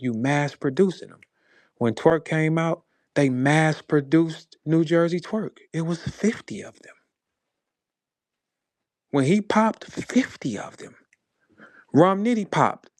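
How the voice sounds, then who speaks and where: A man with a St. Louis accent hosting a casual chat, telling stories loudly and acting out dialogue. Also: no room sound. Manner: animated storyteller who acts out dialogue with big pitch jumps. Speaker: host. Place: online audio space.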